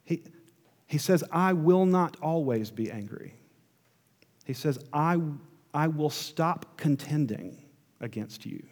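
A pastor preaching a sermon, his fairly high voice dropping to hushed asides and then climbing into emphatic runs. The sound carries the long reverb of a large hall. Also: animated, slow, pauses often.

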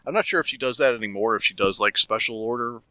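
A man's voice: mid-range voice, expressive, fast, bright, forceful tone, no room sound. A man co-hosting a podcast, chatting casually and playing the dry straight man with frequent laughs. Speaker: podcast co-host. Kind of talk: casual chat.

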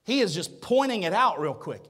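A male pastor preaching a sermon, animated, firing rhetorical questions and swelling to a shout. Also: high-pitched, normal speed, long reverb tail.

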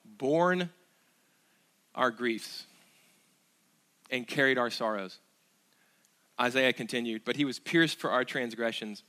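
A man's voice: medium pitch, slow, pauses often, bright, forceful tone. A man preaching a sermon as pastor, earnest, asking the congregation rhetorical questions, with fillers and restarts.

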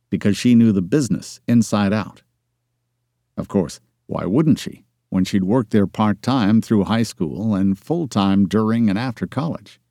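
A male audiobook narrator reading a romance novel in even, measured scripted narration. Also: lowish voice, no echo, studio quality.

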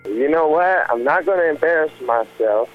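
A man's voice: fairly high pitch, expressive, moderate pace, phone-quality sound, soft background music. Laid-back young man from Las Vegas. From Las Vegas, United States. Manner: laid-back, loose, sprinkled with "you know" and "man". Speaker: rapper guest. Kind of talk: casual interview chat.

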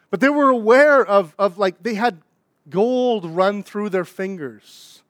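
A young adult pastor, preaching a sermon in a conversational, animated way, with asides and acted-out quotes. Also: male voice, sits high, slow, no room sound, clean studio sound.

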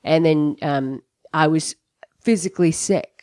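A woman co-hosting a podcast, telling a story in an animated casual chat that is full of swearing. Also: low voice, a little slow, no room sound, clean studio sound. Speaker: podcast co-host.

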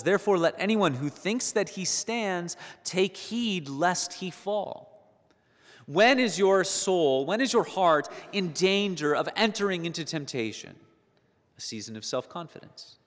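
A man's voice: mid-range voice, fairly bright tone. A man preaching a sermon earnestly, rising to emphatic peaks and repeating words as he searches for phrasing. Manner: earnest, building to emphatic peaks on key points. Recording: long hall reverb.

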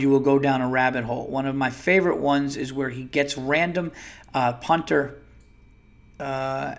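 A man at an ordinary middle pitch hosts a loose solo podcast. He rambles from one thought to the next, swears freely and jokes crudely. He reads listener emails aloud. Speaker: podcast host.

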